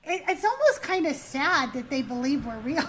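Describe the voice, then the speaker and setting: Woman, host, live call-in show, animated, laughs a lot, high voice. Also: moderate pace, slight background noise. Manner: laughs often, animated storytelling.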